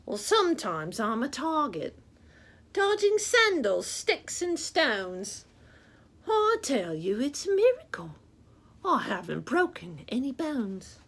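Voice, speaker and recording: A woman's voice: sits high, wildly swooping pitch, slow, a bit bright, slightly rough, heavily acted. A woman voicing a chatty rooster puppet who reads Bible stories to children, with a sing-song, rhyming way of talking straight to the kids. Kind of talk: children's show reading.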